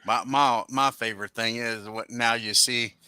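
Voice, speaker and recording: A man with a very bright, sharp voice hosts a casual group chat and tells a story. He swears freely and acts out the quotes loudly. The sound is dry and close. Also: medium pitch, fairly even intonation, normal speed, smooth, dry recording. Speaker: host.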